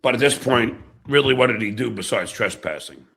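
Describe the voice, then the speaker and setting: A man's voice: medium pitch, animated, brisk, creaky, a bit bright, breathy edge. A man on a live stream talking through an incident, thinking aloud with hesitant, profane asides. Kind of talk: casual crude banter.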